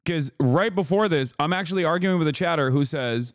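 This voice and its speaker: A man's voice: a little high, brisk, no echo, studio quality. A man streaming live, reacting to clips with sarcastic, profane commentary and mock anger.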